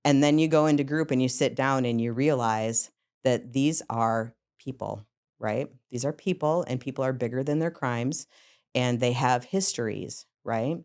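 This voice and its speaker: A woman's voice: rumbling low, normal speed. A middle-aged woman, a psychotherapist, telling stories from her career in a podcast interview, acting out scenes and laughing often. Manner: lively storyteller, acts out scenes, laughs often. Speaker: psychotherapist guest.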